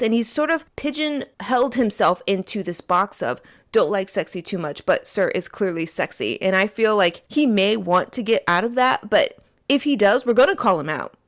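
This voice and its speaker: A woman hosting a casual fan commentary monologue, playful and animated, talking straight to her listeners from a small closet. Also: mid-range voice. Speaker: host.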